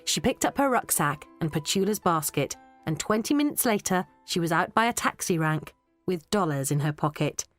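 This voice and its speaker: A woman narrating a children's audiobook in an expressive storytelling manner, close to a studio mic. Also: fairly low pitch, normal speed, soft background music. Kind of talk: scripted narration.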